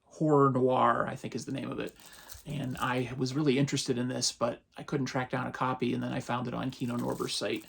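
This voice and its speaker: Man, 50s, gravelly, a bit husky, casual movie haul chat, rambling. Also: mid-range voice, a little fast. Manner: relaxed, rambling, chuckles often. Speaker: movie channel host.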